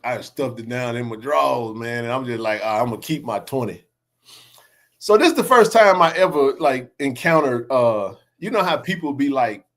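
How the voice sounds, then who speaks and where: A man in his forties hosting a sports podcast, telling neighborhood stories in a laughing, slangy way. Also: mid-range voice. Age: 40s. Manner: laughing, animated storyteller with slang. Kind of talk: casual storytelling chat.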